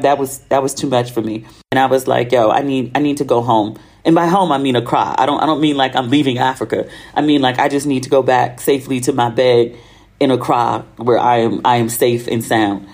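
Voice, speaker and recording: A woman's voice: a bass voice, steady tone, a little fast, a little mellow. An American woman hosting her own podcast, telling travel stories in a chatty, slangy way and acting out the dialogue. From United States. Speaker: podcast host. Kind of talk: casual solo podcast monologue.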